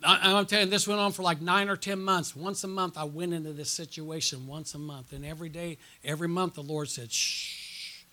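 A middle-aged male pastor preaching at a church conference, his voice very bright and sitting a touch high. He tells a personal story and keeps calling out questions to the congregation. He climbs to loud, excited peaks, then drops to quiet, low asides. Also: a little fast, few pauses. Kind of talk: sermon.

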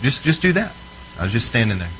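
A man's voice: medium pitch, sing-song, fast, pushed and bright, slight background noise, low-quality recording. Earnest preacher man telling stories. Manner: conversational, checks in with the listener often. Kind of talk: storytelling sermon.

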